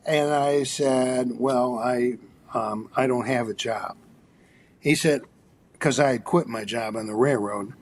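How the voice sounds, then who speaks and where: A psychologist and author, a man, telling an animated anecdote as a podcast guest, with frequent restarts. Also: mid-range voice, slow. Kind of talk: storytelling in a podcast interview.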